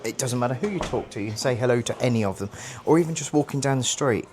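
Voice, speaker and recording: A man co-hosting a podcast, chatting casually and telling lively anecdotes where he acts out other people's lines. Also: medium pitch, quick pace, music in the background. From Norfolk, England. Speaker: podcast co-host. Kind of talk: casual chat. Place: festival.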